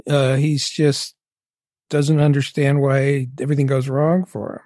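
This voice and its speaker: A man's voice: mid-range voice, little pitch movement, a little slow, a little mellow, no room sound, studio quality. A man on a podcast giving thoughtful, slightly hesitant opinions. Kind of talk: casual discussion.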